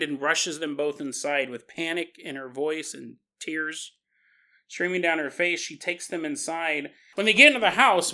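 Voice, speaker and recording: Bright, animated male storyteller. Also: fairly high pitch. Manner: animated, conversational retelling. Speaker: podcast host. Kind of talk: paranormal storytelling.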